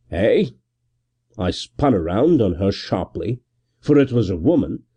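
Male audiobook narrator, period novel, measured expressive reading, low mellow voice, lively pitch. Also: slightly rough. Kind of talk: scripted first-person narration of a period novel.

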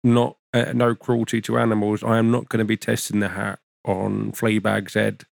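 A man plays a crude show host who swears constantly and calls everyone mate. His voice has a gravelly, creaky edge and sounds dry and close, fitting a deadpan comedy sketch. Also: on the low side, normal speed, no room sound. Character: foul-mouthed British hat-testing show host.

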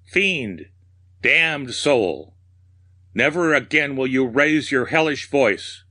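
A man voicing a raving madman who shrieks curses at a clock in a high, thin, piercing voice. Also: lively intonation, slow, bright, forceful tone, no room sound, clean studio sound, exaggerated voice. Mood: frenzied, raving.

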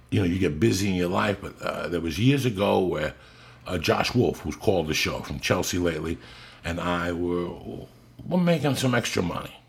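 A man telling a long story in casual podcast chat, blunt and profane. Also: low-pitched. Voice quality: gravelly, raspy. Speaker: podcast host.

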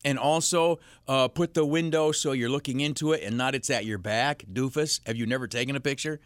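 A man's voice: mid-range voice, fairly quick, no echo. A man hosting a call-in radio show, rambling and sarcastic as he riffs alone between calls. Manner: rambling, sarcastic, jumps to mock voices. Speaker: radio talk show host. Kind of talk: solo talk radio monologue. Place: radio studio.

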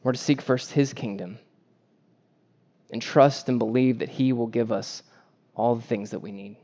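A man's voice: medium pitch, moderate pace, mellow. A man preaching a sermon as pastor, earnest and emphatic, with repeated phrases and joking asides about family life.

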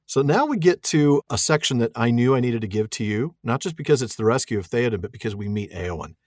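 A man's voice: medium pitch, animated, fast talker, dry recording, studio quality. A man co-hosting a casual podcast, chatty and laughing, retelling events with wry jokes. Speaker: podcast co-host. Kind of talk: casual chat.

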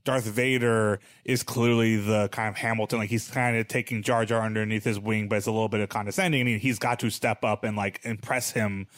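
A man's voice: lowish voice, fairly even intonation, brisk, few pauses, no room sound, clean studio sound. A man co-hosting a casual brainstorming chat, rambling, swearing and restarting his sentences. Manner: rambling, profane, restarts often.

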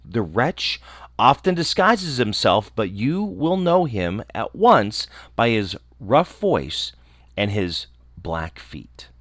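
A man's voice: lowish voice, sing-song, slow, fairly bright tone, dry recording, studio quality, exaggerated voice. A man voicing an anxious mother goat warning her children in a storybook reading.

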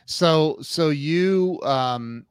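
A man in his fifties hosting a casual interview, halting and restarting as he encourages his guest. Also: a little high, smooth, no room sound. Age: 50s. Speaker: podcast host.

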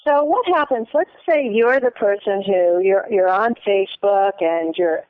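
A woman hosting an interview, asking questions in an animated, casual way with frequent restarts. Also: mid-range voice, measured pace, dry recording. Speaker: host. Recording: tinny phone-like line.

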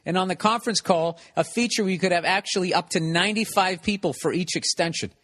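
A man's voice: sits high, quick pace, fairly bright tone. Rambling, profane male podcast host. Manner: rambling, profane, self-mocking. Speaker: podcast host and stand-up comedian. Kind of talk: casual ad read.

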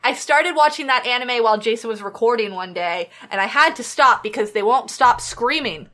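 A woman chatting on a podcast in a high, bright voice that jumps up and down a lot. She talks quickly, drops wry asides and laughs often. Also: animated. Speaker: podcast co-host. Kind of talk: casual chat.

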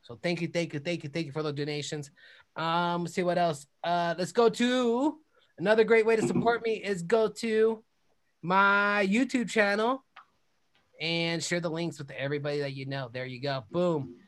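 Young man, podcast host, hyped-up shout-outs, high energy, fairly high voice. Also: moderate pace. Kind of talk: hyped podcast intro and self-promotion.

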